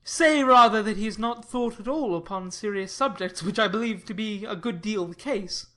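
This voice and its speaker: A woman reading an audiobook, giving the lines of an earnest, sober young gentleman in a measured, persuasive way. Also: medium pitch, natural voice. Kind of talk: audiobook reading of a classic novel.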